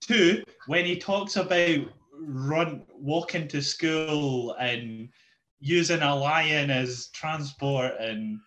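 Slow, bright-voiced man chatting. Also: a little high, slight background noise. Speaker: podcast co-host. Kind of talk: casual chat.

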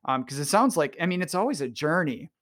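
A man's voice: fairly high pitch, animated, quick pace, a bit bright. A man hosting a podcast, an enthusiastic and playful interviewer who often restarts his sentences. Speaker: podcast host. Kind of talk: casual interview chat.

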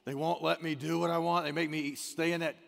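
A man's voice: on the high side, level tone, brisk, vocal fry, fairly bright tone, long reverb tail. A man voicing a restless female poodle who longs to run free, whiny and yearning.

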